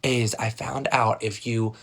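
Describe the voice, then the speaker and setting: Guy doing his hushed coworker whispering-ish about a love spell, low and secretive. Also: flat delivery, measured pace, creaky.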